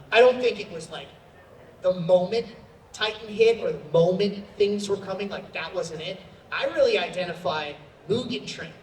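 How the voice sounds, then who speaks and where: Chatty male voice actor with a high voice, answering a convention Q&A in a roomy hall, picked up from afar over faint ambience. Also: a little hiss or hum. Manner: chatty, animated, with many fillers. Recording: roomy hall sound from a distant mic.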